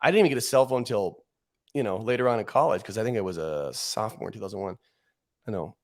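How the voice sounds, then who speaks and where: Animated rambling storyteller, a man. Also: on the low side, quick pace. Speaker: podcast guest. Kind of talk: casual chat.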